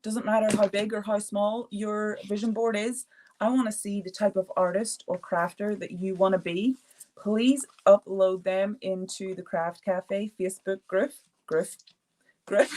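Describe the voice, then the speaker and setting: A woman from the UK hosts an art therapy session live online. She talks in an easy, chatty way, laughs freely, and answers viewers' comments as they appear. Her voice sits at a medium pitch. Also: fairly even intonation, moderate pace, darkish tone. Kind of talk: casual live-stream chat.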